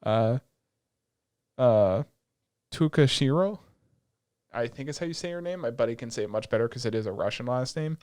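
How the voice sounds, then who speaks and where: Animated, swearing young male podcast host. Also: mid-range voice. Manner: animated, swears freely, quick asides. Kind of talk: casual anime review chat.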